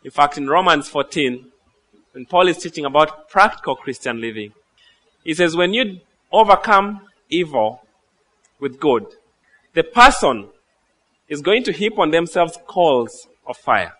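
High-voiced man preaching a lively sermon. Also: a little slow. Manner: animated, laughing at his own stories; acts out quoted voices in asides. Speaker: pastor.

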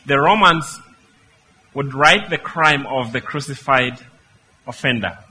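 A man's voice: mid-range voice, slow, bright, forceful tone, slight background noise, low-quality recording. A man preaching a sermon, speaking emphatically and putting rhetorical questions to his listeners.

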